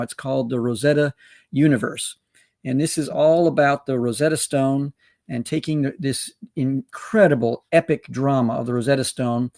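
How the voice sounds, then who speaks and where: A male interview host talks in a rambling, loose way, circling around his questions. His voice sits at a middling pitch. The sound is dry and close, with no room around it. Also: creaky, darkish tone, no echo. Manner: rambling, full of fillers and restarts.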